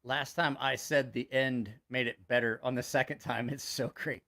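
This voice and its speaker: A man's voice: medium pitch, normal speed. A man hosting his channel, telling crude jokes in casual livestream style, swearing freely and laughing at his own punchlines. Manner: animated joke telling. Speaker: channel host.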